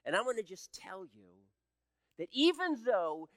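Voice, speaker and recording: A man in his sixties preaching a sermon as pastor, swinging between loud emphatic peaks and hushed low passages. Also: big pitch swings, unhurried, no room sound, clean studio sound. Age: 60s.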